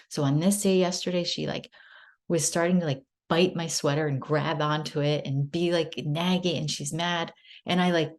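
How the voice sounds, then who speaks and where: A woman in her thirties candidly sharing a personal story in a casual spiritual group chat on a video call, rambling and self-reflective. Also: sits low.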